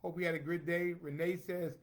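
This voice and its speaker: A man's voice: a little high, flat delivery, brisk. A man hosting a casual livestream, chatty and playful as he reads out viewers' comments. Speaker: host reading viewer comments.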